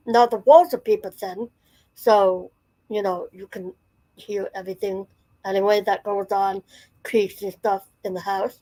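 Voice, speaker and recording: A woman's voice: medium pitch, steady tone, unhurried, mellow, low-quality recording. A woman in her forties telling a personal story in a casual, rambling way, full of fillers and restarts. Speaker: channel host.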